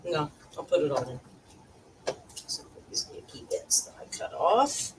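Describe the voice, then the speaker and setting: A woman's voice: deep voice, very animated, a little slow. Chatty woman cooking in a noisy kitchen. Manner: chatty, wry asides to viewers. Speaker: cooking channel host. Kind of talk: casual chatty cooking vlog. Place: home kitchen. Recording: distant mic, noisy kitchen.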